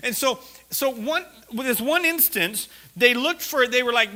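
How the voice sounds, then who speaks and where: A man preaching a sermon, telling a personal story with laughter and sudden shouted lines. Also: very high voice, animated, a little slow, hardly any pauses.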